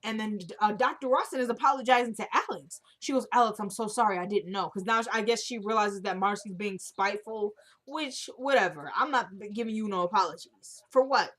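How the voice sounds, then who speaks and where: A woman casually retelling a TV episode scene by scene, quoting the characters in an animated, chatty way. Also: mid-range voice, a little fast. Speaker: TV episode recapper. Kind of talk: casual episode recap vlog.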